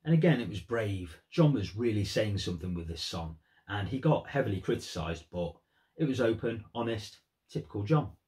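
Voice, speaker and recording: A man's voice: on the low side, sing-song, normal speed, a little mellow. A man giving earnest, thoughtful commentary on song lyrics in a vlog. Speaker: music vlogger.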